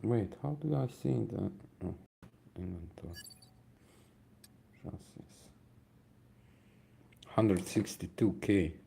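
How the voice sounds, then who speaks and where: A tired, yawning young man with a Dutch accent talks his way through a mobile racing game, thinking aloud to his viewers. His voice sits somewhat low, and he speaks in an unhurried drawl. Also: animated, vocal fry, warm tone, a little hiss or hum. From Netherlands. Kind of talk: casual gameplay commentary.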